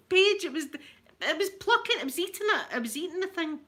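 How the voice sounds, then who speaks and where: A middle-aged Scottish woman with a Scottish accent, chatting casually to her livestream viewers as host and telling stories with lively animation. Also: very high-pitched, fast. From Scotland. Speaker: ASMR channel host.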